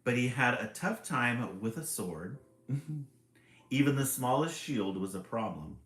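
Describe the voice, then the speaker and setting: A man's voice: mid-range voice, expressive, slow, a bit bright. A man reading a children's book aloud on a live stream, chuckling often and chatting about the pictures. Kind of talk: live read-aloud with commentary. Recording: echoey room with faint ambience.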